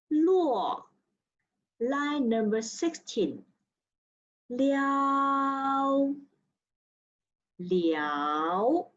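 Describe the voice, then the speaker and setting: A woman gives a slow Mandarin pronunciation lesson, drawing out syllables along their tone contours and explaining in simple, slightly non-native English. Her voice is on the high side with a darkish tone, and the highs are cut off.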